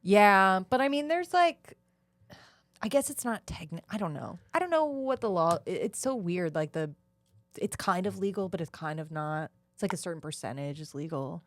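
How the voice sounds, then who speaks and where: Low-voiced woman, relaxed co-host. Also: fairly quick, dry recording. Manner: loose, rambling, hedging. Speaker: podcast co-host. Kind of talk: casual chat.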